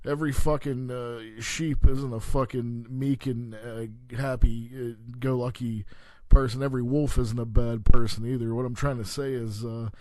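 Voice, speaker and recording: A man holds forth in a mellow, darker voice, cursing freely and stumbling over his own fillers as he rants. The sound is close and dry, with no room around it. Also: medium pitch, dry recording. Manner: heavy swearing, halting with many fillers. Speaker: podcast host. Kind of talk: profane rambling rant.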